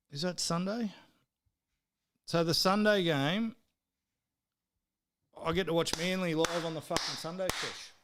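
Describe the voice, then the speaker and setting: An Australian man hosting a live stream, with a smooth, clean voice that sits a bit high for a man. He talks in a loose, casual way as he tips games. He swears freely and ribs his friends in the chat. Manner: swears freely, teases viewers and mates in the chat.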